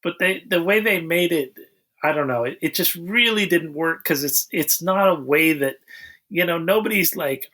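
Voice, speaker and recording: A man's voice: fairly high pitch, normal speed, bright, forceful tone. A man co-hosting a podcast, recapping a movie plot in a dry, dismissive way. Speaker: podcast co-host. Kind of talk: casual chat.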